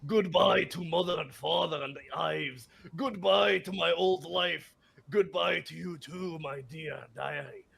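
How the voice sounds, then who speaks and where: A man's voice: fairly high pitch, a little slow, vocal fry, fairly bright tone, breathy edge, voice pushed down, exaggerated voice. A man putting on a prim, fanciful Scottish noblewoman. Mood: dreamy. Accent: put-on Scottish. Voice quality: melodramatic, prim storybook reading. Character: sheltered, fanciful young noblewoman writing her diary. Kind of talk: reading aloud in character.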